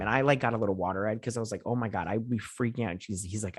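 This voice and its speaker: A man with a lowish voice rambles through an episode recap, piling up fillers and acting out quoted lines as he goes. The sound is dry and close, with no room around it. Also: fast talker, darkish tone, breathy edge, no echo. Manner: rambling, filler-heavy retelling with quoted lines and mild cursing. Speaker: host of a TV review channel. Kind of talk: casual episode recap and review.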